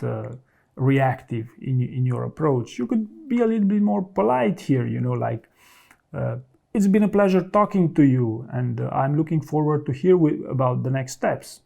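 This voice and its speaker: Guy giving job interview tips to camera, kinda gravelly, talks right at you. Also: mid-range voice, mellow. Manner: direct, instructive, addresses viewer as "you". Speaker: career coach. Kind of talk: advice talk to camera.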